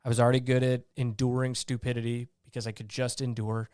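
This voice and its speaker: A blunt male veteran tells war stories in a casual interview, acting out the lines people said back then. His voice is smooth and clear, at a middle pitch for a man. It sounds dry and close, with no room around it. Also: fast, no room sound. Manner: animated storyteller who acts out his own past lines; blunt, salty. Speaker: guest, army veteran.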